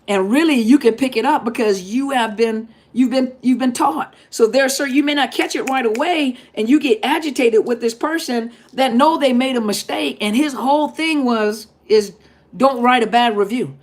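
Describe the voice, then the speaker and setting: A middle-aged woman talks to her viewers in a fairly high voice. She is casual but emphatic, and she repeats her key points as she hosts a live question-and-answer stream. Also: moderate pace, hardly any pauses, darkish tone. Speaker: therapist and coach hosting a live Q&A.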